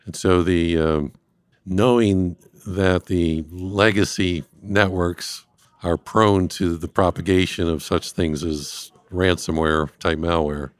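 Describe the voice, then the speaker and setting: A man speaking as a guest expert, explaining risk step by step in a measured way. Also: low voice, fairly even intonation, no echo. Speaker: industrial cybersecurity guest expert. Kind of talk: explanatory interview talk.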